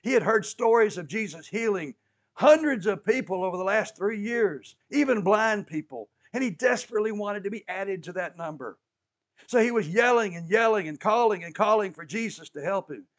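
A man's voice: sits high, animated, normal speed. A man preaching a sermon as an emphatic storyteller who repeats key phrases and adds touches of humor.

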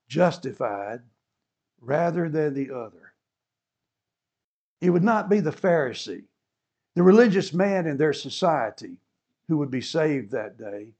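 A man's voice: a little high, darkish tone. A man preaching a sermon, explaining scripture and acting out the people in it with rising fervor. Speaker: pastor.

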